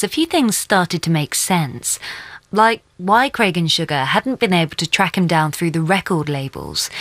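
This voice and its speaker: A woman host, narrating a scripted story in a measured way and asking interview questions. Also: fairly low pitch, dry recording.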